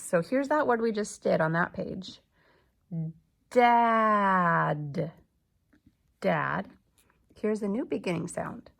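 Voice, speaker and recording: A woman teaching an early reading lesson to young children, slow and patient, sounding out letters and words. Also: medium pitch, vocal fry, breathy edge.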